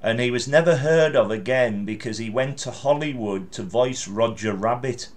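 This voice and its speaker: A man's voice: medium pitch, moderate pace. A middle-aged man hosting a podcast interview, chatty and encouraging, with frequent fillers. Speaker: podcast host. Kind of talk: casual interview.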